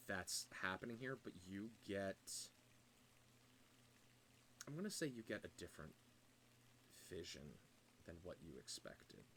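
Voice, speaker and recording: Deep-voiced guy running a tabletop game, slow and hushed, bright tone, faint hiss. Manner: slow, hushed scene-setting with fillers. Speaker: game master.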